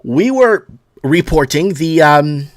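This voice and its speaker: A man's voice: a little high, animated, takes it slowly. Guy from canada hosting his own show, angry sweary rant, voice jumps way up and down. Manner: angry, profane ranting, reading headlines aloud; stumbles and repeats himself when worked up. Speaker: host. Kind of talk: solo news commentary show.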